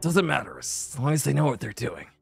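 A man putting on a low, gruff young hero. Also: fairly quick, music in the background. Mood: indifferent. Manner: low, muttered, deadpan delivery. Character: brooding young male hero, gruff and guarded. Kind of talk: dramatic fan fiction reading.

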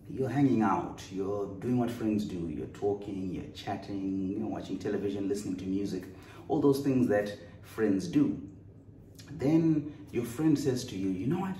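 A man's voice: low-pitched, warm tone. A man preaching a sermon with an earnest, storytelling delivery, recorded in a church. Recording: roomy echo, distant mic, faint noise.

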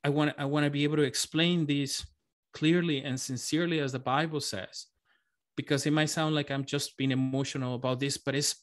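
A man preaching a sermon as pastor, earnest and emotional, often repeating his phrases. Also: a little high.

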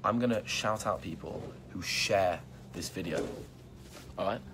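A magician hosting a live stream, reading viewer comments aloud in casual, upbeat chat and hyping the audience, with lots of "um" and "like.". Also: male voice, low-pitched, unhurried, noisy background. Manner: upbeat, hypes viewers, many fillers like "um" and "like". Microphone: phone or laptop live stream.

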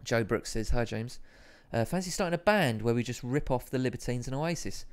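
Speaking a bit fast in a smooth, expressive, medium-pitched voice, a thirty-something Essex man streams a game. He reads out chat messages, swears casually, and mocks his own gameplay.

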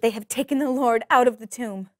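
A grieving young woman pleads urgently in a children's Bible story, as a woman plays her. Her voice sits a little high, and faint hiss runs behind it. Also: a little fast, close to an everyday voice. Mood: pleading.

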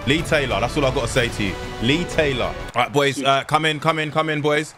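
A man's voice: mid-range voice, fairly quick, over music. A young man with a South London accent, hyping up his team while commentating a live football game stream. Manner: hyped, repeats praise to teammates.

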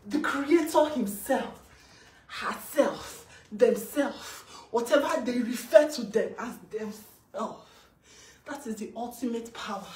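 A Nigerian woman and mother giving an emotional live-video testimony, chanting repeated exclamations mixed with laughter. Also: a little high. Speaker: mother addressing her followers. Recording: roomy, far from the mic, faint hiss.

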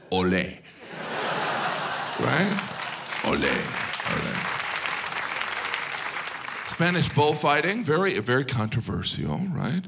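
A male stand-up comedian performing to a live audience, mixing deadpan asides with sudden high-pitched incredulous outbursts. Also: vocal fry. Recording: live show with loud audience noise.

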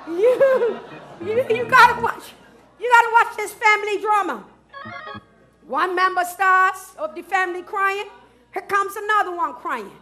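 A middle-aged woman pastor preaching a sermon in church, building to shouts and drawing call-and-response from the congregation. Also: very high voice, measured pace.

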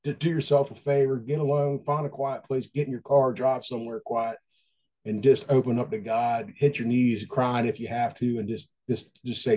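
A man gives a casual devotional talk in a mellow, relaxed voice. He speaks in a folksy, conversational way and circles back to repeat his points. His pitch sits in an ordinary middle range. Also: normal speed.

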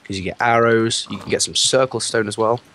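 A man chatting casually while playing a game with a friend, playful and quick to laugh. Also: on the low side, fairly even intonation, a bit bright, slight background noise. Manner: playful, laughs a lot, jokey banter. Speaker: gaming co-host. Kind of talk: casual gaming chat.

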